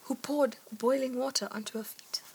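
A woman's voice: sits high, steady tone, moderate pace, vocal fry, breathy edge. A woman co-hosting a podcast in casual chat, playful and teasing, often laughing. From Africa. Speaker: podcast co-host.

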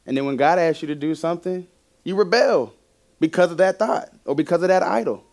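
A young man preaching a sermon with a personal testimony, animated, laughing often and shifting from loud to hushed. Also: a little high, brisk, vocal fry.

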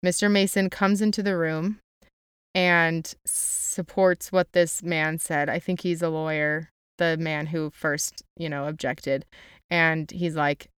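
A young woman talks through a classic novel chapter by chapter, casual and chatty, dropping "like" into her sentences and reading passages aloud. Her voice is smooth and clear, a little low for a woman, recorded dry and close with no room sound. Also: measured pace, dry recording. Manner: chatty, uses "like" a lot, reads quotes aloud. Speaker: student summarizing a novel. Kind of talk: casual book summary.

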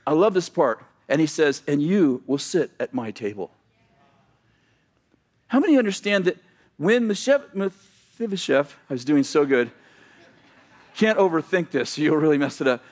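A man's voice: a little high, expressive, moderate pace. A middle-aged man from the United States preaching a sermon in a church, telling a story and acting out the people in it, with self-deprecating humor. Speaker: pastor.

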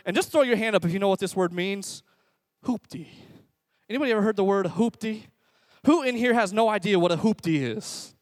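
A man preaching a sermon as a youth pastor, energetic and exhorting, drawing the congregation into call-and-response. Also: sits high, brisk, no room sound. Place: church service before a congregation.

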